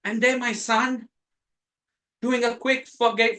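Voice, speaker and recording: A middle-aged man from India with an Indian English accent, giving a prepared contest speech with dramatic pauses and emphatic rises. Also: extremely high pitch, fairly even intonation, bright, forceful tone, low-quality recording. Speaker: contest speaker. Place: club meeting room.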